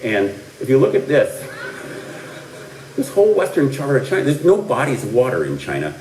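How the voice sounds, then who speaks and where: A man's voice: medium pitch, wildly swooping pitch, moderate pace, a little mellow, slight background noise. A middle-aged man from the American Midwest giving a history lecture, rambling with fillers and restarts and dropping dry asides. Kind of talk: recorded classroom lecture. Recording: roomy, distant lecture-hall recording.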